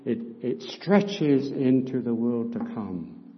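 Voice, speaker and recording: A man's voice: medium pitch, expressive, takes it slowly, slight background noise. An older British man preaching a sermon, earnest and emphatic, repeating key words and stumbling over frequent filler sounds. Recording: muffled, echoey hall sound.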